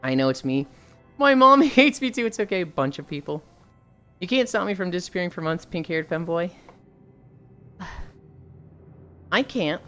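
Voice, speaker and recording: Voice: mid-range voice, lively intonation, moderate pace, pauses often, sharp tone, soft background music. A livestreamer chatting casually and reading viewer messages aloud, blunt and sighing often, swearing freely.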